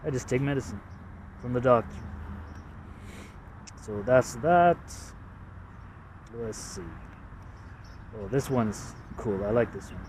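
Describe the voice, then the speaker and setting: A man's voice: mid-range voice, a little mellow, recorded from a distance, slight background noise. A man from Canada casually walking through his drawings, hesitant and self-deprecating, with lots of fillers. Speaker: artist showing his drawings. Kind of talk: casual rambling walkthrough.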